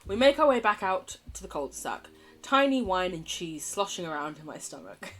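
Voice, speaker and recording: A woman's voice: lowish voice, very animated, normal speed, a bit bright. A young woman streamer reading a dating game aloud and reacting with laughter and swearing. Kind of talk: casual game commentary and reading.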